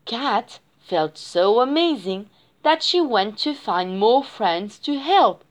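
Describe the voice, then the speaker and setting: Woman reading a kids picture book out loud, super slow, sing-songy. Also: fairly high pitch, animated. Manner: slow, sing-song storytelling. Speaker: reader. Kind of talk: children's picture book read-aloud.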